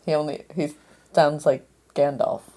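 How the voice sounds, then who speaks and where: A woman co-hosting a radio show, bantering casually with dry, quick interjections. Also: low-pitched, steady tone, mellow.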